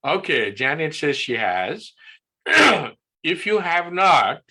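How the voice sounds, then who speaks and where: A man's voice: a little high, slow. An older man giving a casual wellness presentation on a video call, checking in often with "right?". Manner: relaxed teaching talk with frequent "right?" checks. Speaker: wellness guest speaker. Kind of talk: casual presentation on an online class.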